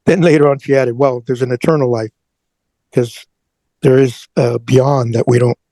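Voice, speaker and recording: A middle-aged man, an interview guest, telling an emotional personal story in a halting way, often repeating words as he goes. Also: mid-range voice, fairly even intonation, mellow, no room sound, rough recording. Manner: halting, repeats words, prays aloud in retelling.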